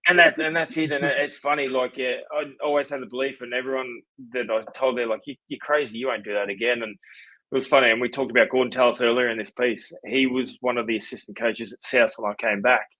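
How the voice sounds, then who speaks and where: A man's voice: mid-range voice, fast talker, no room sound, low-quality recording. Australian man telling a long story. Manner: relaxed, rambling with many fillers. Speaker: podcast guest, former rugby league player. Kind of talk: casual storytelling interview.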